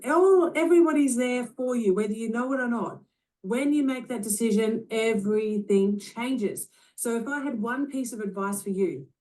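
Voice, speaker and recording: Aussie woman pumping up a sales call, warm low-key tone, sounds a bit far off. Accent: Australian. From Australia. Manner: upbeat, punchy slogans. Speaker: network marketing leader. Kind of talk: motivational talk on a call.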